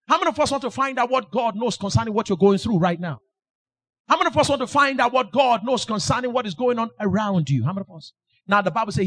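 Male preacher, high and ringing, sing-song delivery that bursts into shouts. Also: husky. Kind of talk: sermon.

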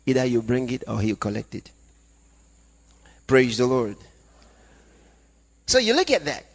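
A man preaching a sermon, reading scripture aloud and swinging between loud calls and hushed asides. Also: medium pitch, very animated, a little slow. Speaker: pastor. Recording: long hall reverb.

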